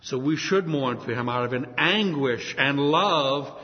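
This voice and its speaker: Middle-aged preacher with a lively voice in a hall. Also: male voice, mid-range voice, a little slow, highs cut off. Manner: emotional storytelling, acting out the voices in his story. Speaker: pastor. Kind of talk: sermon with a told story.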